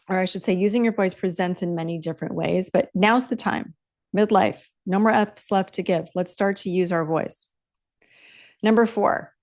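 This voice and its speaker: A woman's voice: mid-range voice, darkish tone. Blunt fired-up woman in her fifties. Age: 50s. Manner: emphatic, blunt and profane, repeating key phrases. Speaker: podcast host. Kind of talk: solo motivational podcast talk.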